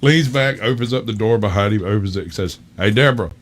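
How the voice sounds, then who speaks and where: A man's voice: on the low side, quick pace, a little hiss or hum. A man telling a long, profane story in a casual chat, often breaking into laughter. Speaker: podcast co-host.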